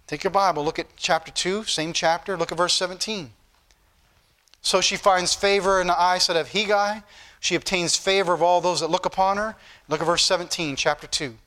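A man preaching a sermon, reading scripture aloud and repeating key phrases with slow emphasis. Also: sits high, sharp tone. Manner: reads scripture aloud in King James wording.

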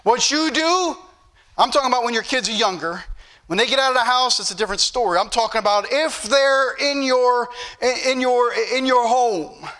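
High bright-voiced preacher man. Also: normal speed. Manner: preachy, repetitive emphasis. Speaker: pastor. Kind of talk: sermon.

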